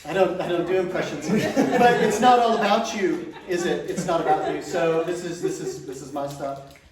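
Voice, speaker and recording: A man's voice: on the high side, moderate pace, a crowd in the background. A middle-aged man doing a stand-up comedy set on stage, chatty and self-mocking, often laughing at his own jokes. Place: large room on stage. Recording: echoey room from far off.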